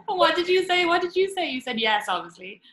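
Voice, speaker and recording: A woman's voice: very high voice, big pitch swings, brisk, fairly bright tone, reverberant, poor audio. A woman hosting a podcast in casual chat, frank and swearing freely as she laughs along with her guest. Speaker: podcast host.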